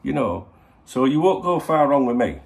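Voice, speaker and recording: A man's voice: mid-range voice, big pitch swings, normal speed. A middle-aged man, hosting a casual morning vlog to camera in a rambling, sweary, chatty way. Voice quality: gravelly. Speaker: football channel host.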